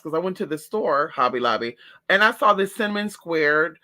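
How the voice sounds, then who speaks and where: A man talking in a sassy, profane, animated way in a casual gossip monologue at home. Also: sits high, fairly quick. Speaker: vlogger.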